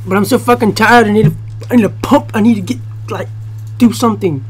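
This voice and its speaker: A young woman talks through a racing game in a hushed voice from a dorm room. She swears constantly and bursts out in excitable yelps as the race swings. Faint engine noise from the game hums underneath her. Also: medium pitch, fast. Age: young adult. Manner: profane, excitable outbursts; talking quietly. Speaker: gaming YouTuber. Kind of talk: gameplay commentary.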